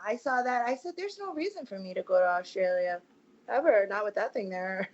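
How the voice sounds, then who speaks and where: A woman's voice: mid-range voice, lively intonation, brisk, highs cut off. A woman from the US, a wrestler guest on a podcast, joking playfully and laughing a lot. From USA. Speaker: wrestler and ring announcer guest. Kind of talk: casual interview chat.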